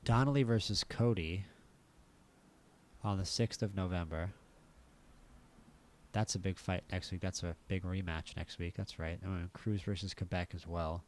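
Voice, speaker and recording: An American man with a fairly low voice talks through a game in a relaxed, offhand way. He thinks aloud as he plays, dropping wry little asides. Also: moderate pace, long pauses, a little hiss or hum. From United States. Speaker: gaming channel host. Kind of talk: casual gameplay commentary.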